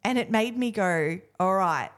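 A woman's voice: mid-range voice, expressive, measured pace. A woman, co-hosting a podcast in casual, self-mocking chat and acting out what others said. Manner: chatty, self-mocking, acts out quotes. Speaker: podcast co-host.

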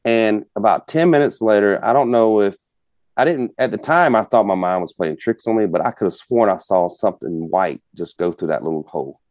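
A man's voice: on the low side, a little fast, darkish tone, no room sound. A man telling a rambling, folksy hunting story as a podcast guest. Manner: folksy, rambling, many fillers. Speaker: guest hunter. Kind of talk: casual storytelling.

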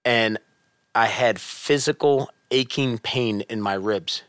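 A man's voice: mid-range voice, slow pace, dry recording. Earnest storytelling man, dry close sound. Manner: animated, earnest, drops soft for tense moments. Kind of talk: casual storytelling chat.

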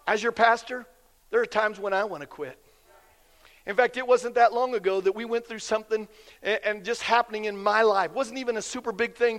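A man's voice: very high-pitched, a bit bright. A man preaching a sermon as pastor, folksy and emphatic, repeating key lines for effect. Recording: long reverb of a big hall.

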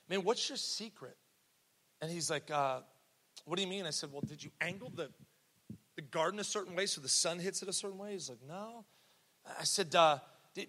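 A young pastor with a fairly high, sharp voice preaches a sermon in a church sanctuary, telling a story casually with jokes, laughs and asides to the crowd. He uses a handheld or headset mic, and the recording carries long hall reverb.

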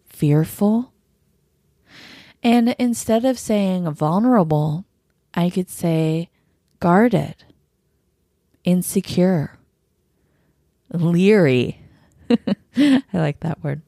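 A woman hosting a solo podcast, talking candidly and gently, laughing often as she reflects. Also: lowish voice, creaky, no echo, studio quality. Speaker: podcast host.

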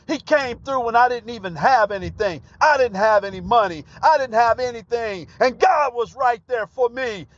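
A middle-aged man preaching a testimony sermon, fervent and bursting into shouted praise. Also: very high-pitched, normal speed. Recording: dull lo-fi broadcast recording.

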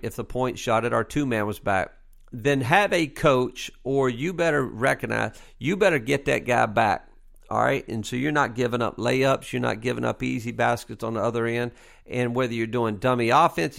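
A gravelly yet fairly bright mid-range voice belongs to a middle-aged basketball coach and podcast host. In a casual monologue he talks through coaching tips conversationally, loaded with fillers and emphatic repetition of key points.

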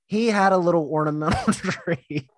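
A man's voice: a little high, moderate pace, no room sound, studio quality. A man telling a story about his tree job in casual chat, swearing a lot and laughing often as he acts out what people said.

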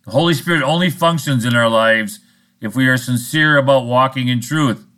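A man's voice: mid-range voice, normal speed, sharp tone. A man preaching a sermon in a blunt, scolding, sarcastic manner. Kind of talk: recorded sermon monologue.

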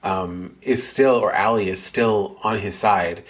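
A man's voice: lowish voice, unhurried. A man co-hosting a casual movie review chat, thoughtful and rambling as he retells scenes. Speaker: podcast co-host.

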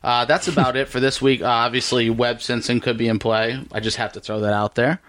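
Speaking a little quickly, this man has a mid-range voice with a flat delivery and a fairly bright tone. He's a golf podcast co-host who lists his picks in casual betting chat and cheerfully brings the episode to a close.

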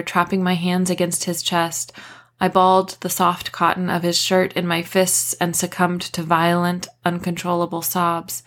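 A woman author reading her own novel aloud in a measured first-person narration. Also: on the low side, fairly bright tone. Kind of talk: audiobook narration.

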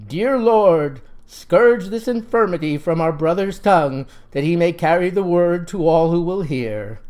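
Man doing a gentle, preachy president, soft and slow. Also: fairly high pitch, animated. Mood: solemn.

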